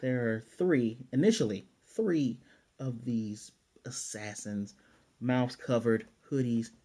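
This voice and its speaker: A man's voice: medium pitch, takes it slowly, warm tone. A man casually recapping an anime episode, retelling scenes in paraphrased dialogue with chatty, self-correcting asides. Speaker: anime reviewer.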